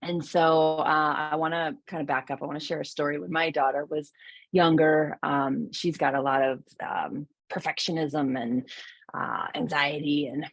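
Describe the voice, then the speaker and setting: A middle-aged woman giving a gentle, reflective mindfulness talk, with soft laughs and fillers. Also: low-pitched, fairly even intonation, normal speed, dry recording. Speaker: mindfulness teacher.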